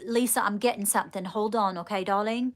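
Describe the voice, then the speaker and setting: A woman leading a live channelling stream, speaking in halting, repeated phrases and calling her viewers darling. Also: medium pitch, fairly even intonation. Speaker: psychic medium.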